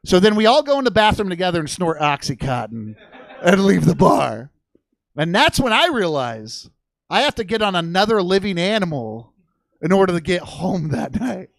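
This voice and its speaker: A man's voice: high voice, sing-song, moderate pace, a bit bright, dry recording. Rambling profane male stand-up, dry sound. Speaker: stand-up comedian. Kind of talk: stand-up storytelling. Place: comedy theater stage.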